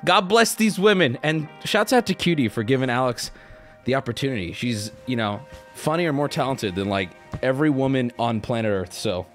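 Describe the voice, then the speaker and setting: A man streaming live, talking casually to his chat and reacting to donations, loud and excitable, often breaking into shouts. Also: medium pitch, a little fast, soft background music.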